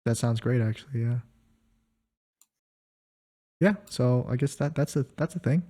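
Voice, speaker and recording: A man's voice: mid-range voice, a little slow, mellow. A young man co-hosting a podcast, chatting casually in a rambling, laid-back way that trails off. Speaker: podcast co-host. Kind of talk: casual chat.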